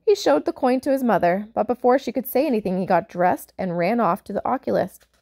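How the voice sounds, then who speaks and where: A woman reading a picture book aloud for children, pausing to explain words and point out pictures. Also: mid-range voice, gravelly. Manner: warm, explaining asides to young listeners. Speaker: storyteller.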